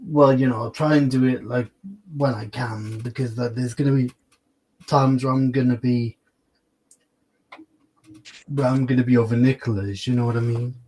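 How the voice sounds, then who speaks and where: A man hosts a relaxed livestream and talks in an easygoing, offhand way. His voice is mellow and soft-edged, with middling pitch. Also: normal speed, pauses often, husky, rough recording. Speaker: livestream host. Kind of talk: casual chat.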